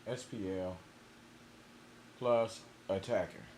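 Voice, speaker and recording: A man producer talking casually to himself while he mixes a beat, relaxed and muttering, with louder asides to his viewers. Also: low-pitched, slow pace. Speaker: music producer streaming a mixing session. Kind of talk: casual talk-through while mixing a beat. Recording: loud background noise.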